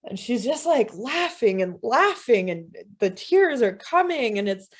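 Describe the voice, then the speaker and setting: A woman speaker telling a story aloud at a talk, vivid and expressive, with repeated phrases for rhythm. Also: on the high side, measured pace. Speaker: guest speaker, scholar.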